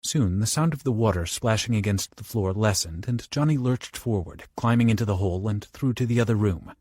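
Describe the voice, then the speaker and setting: A man's voice: on the low side, a little fast, dry recording, clean studio sound. A man narrating a horror audiobook in a dramatic style. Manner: dramatic, with lively shifts into character voices.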